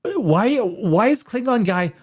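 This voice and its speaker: A man's voice: on the high side, moderate pace. A man hosting a show as a screenwriter, ranting through a review with lots of restarts and swearing. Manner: animated, restarts often, swears, mimics dialogue.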